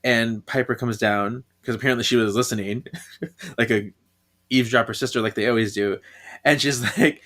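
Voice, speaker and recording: A man's voice: mid-range voice, moderate pace, pauses often, a bit bright. A man co-hosting a podcast, casually talking through a comic and laughing often. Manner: laughs often, reads dialogue with playful voices. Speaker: podcast co-host.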